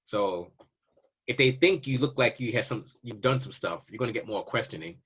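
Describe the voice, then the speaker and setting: A man's voice: fairly low pitch, moderate pace, fairly bright tone, slightly rough. A man from Canada talking casually to viewers, telling a border story and acting out the dialogue as he goes. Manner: chatty, acts out border dialogues. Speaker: waiver service representative.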